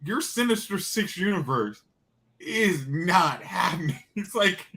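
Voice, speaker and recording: Man, co-host, casual chat, halting with fillers, high bright voice. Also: lively intonation. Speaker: podcast co-host.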